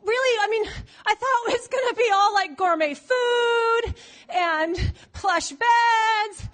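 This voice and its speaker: A woman's voice: very high-pitched, takes it slowly, a bit bright, pitched above the performer's own voice, exaggerated voice. A woman playing a gushing, overeager would-be disciple. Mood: whiny. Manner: breathless, gushing, whiny when let down.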